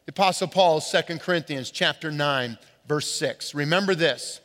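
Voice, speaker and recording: A pastor giving a sermon to his congregation, leaning hard on key words and slowing down to stress them. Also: on the high side, fairly bright tone. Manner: emphatic preaching with slow stressed words. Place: church sanctuary. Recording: reverberant hall.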